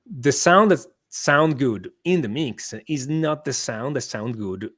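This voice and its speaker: A man's voice: medium pitch, lively intonation, slow, a bit bright. A man who is a guest guitar teacher, explaining guitar sound with frequent laughs and lots of "okay"s, talking from a small home studio. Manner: explanatory, laughs often, with many okays. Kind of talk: casual chat.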